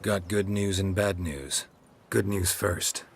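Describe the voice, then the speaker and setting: A stoic, gruff monster hunter from a fantasy video game, with an extremely low, rumbling voice. He speaks in short, clipped, deadpan sentences and wastes no words. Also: takes it slowly, a little hiss or hum, exaggerated voice. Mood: terse.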